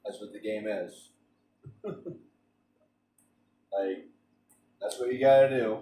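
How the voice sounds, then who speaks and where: A man's voice: lowish voice, slow, dark tone, roomy sound, recorded from a distance, low-quality recording. A man streaming a game, chatting in a rambling way with frequent restarts and stammers. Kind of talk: casual rambling chat during a game stream.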